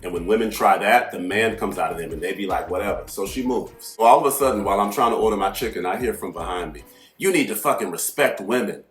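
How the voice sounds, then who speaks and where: A man hosting an astrology channel, telling a story in a brash, profane, animated way that swings into loud outbursts. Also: sits low, fast, few pauses. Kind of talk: casual storytelling monologue. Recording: echoey room with faint music behind.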